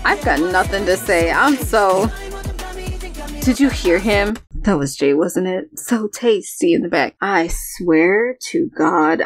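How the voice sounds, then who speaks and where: A woman reacting to an album in casual commentary, excitable, swearing a lot and breaking into exclamations and laughter. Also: fairly low pitch. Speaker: music reaction host. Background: song playing faintly.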